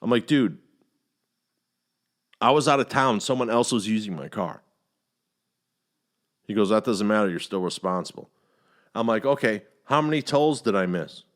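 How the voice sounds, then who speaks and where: A middle-aged man hosting a casual podcast chat, telling a long story with heavy profanity and animated outbursts. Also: medium pitch, moderate pace, pauses often. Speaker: podcast host.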